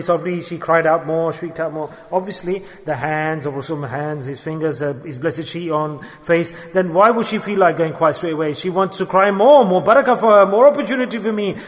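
A man preaching a sermon with impassioned, rising and falling emphasis. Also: fairly high pitch. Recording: long hall reverb.

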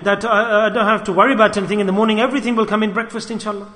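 Speaking very fast with few pauses and fairly even intonation, the preacher pours out an impassioned sermon in a high, bright voice. He alternates loud calls to listeners with hushed asides, all ringing with an echoey hall's long reverb.

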